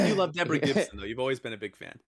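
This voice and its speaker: A man's voice: mid-range voice, sing-song, very fast, vocal fry, slightly rough, no room sound, studio quality. A man co-hosting a casual podcast, joking and rambling, often stumbling over his words. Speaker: podcast co-host.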